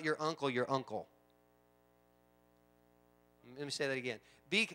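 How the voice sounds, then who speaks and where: A middle-aged man, a pastor preaching a sermon in church, shifting from low conversational asides to loud emphatic preaching. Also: brisk, hardly any pauses, clear, resonant tone. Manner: conversational, with frequent asides and repetitions. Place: church sanctuary.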